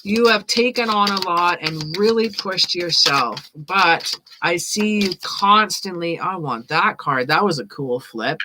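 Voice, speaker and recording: A woman giving tarot readings on a casual live stream, chatting and reading card meanings aloud as she thinks out loud. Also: fairly low pitch, expressive, a little slow, hardly any pauses, a little hiss or hum, low-quality recording. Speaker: tarot reader.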